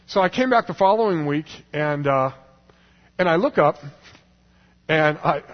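A man's voice: on the high side, animated, measured pace, muffled recording. A man telling a personal story to a crowd in a rambling way, full of "you know"s and restarts. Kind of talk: storytelling talk.

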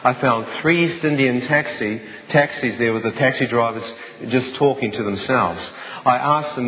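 A man tells a dramatic personal story with an intense, vivid delivery and some restarts. His pitch sits mid-range for a man. The sound is dull and muffled, with a long hall reverb. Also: normal speed. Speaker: speaker giving a personal testimony.

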